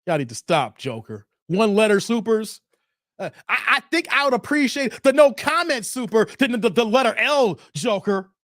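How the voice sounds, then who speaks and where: Host: man, high voice, dry close sound, jokey livestream chat reading. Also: sing-song, normal speed, fairly bright tone, no echo. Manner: joking, reacts to viewer comments.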